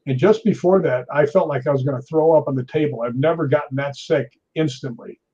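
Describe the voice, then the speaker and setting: A man in his sixties, a stunt performer, telling anecdotes in a lively way, laughing often and acting out other people's lines. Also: fairly high pitch, fairly quick, breathy edge. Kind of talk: anecdotal storytelling. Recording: dull lo-fi recording.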